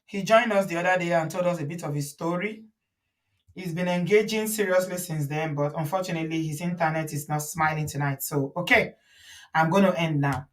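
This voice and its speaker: A woman's voice: fairly low pitch, brisk. A woman with a Nigerian accent, hosting a casual live stream, reading viewer comments aloud and slipping into pidgin and Yoruba. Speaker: host.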